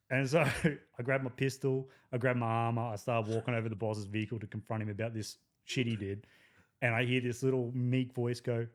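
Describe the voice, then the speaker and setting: A man's voice: medium pitch, fairly quick. An Australian man telling army stories as a podcast guest, swearing freely and breaking into laughter. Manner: profane, animated storytelling with laughs. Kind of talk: casual storytelling.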